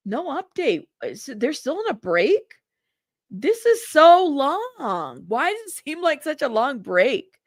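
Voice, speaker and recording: A woman's voice: sits high, sing-song, moderate pace, hardly any pauses, dry recording, studio quality. A woman hosting a casual live stream, chatting, reacting to viewers and laughing. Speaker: host of live trial coverage stream.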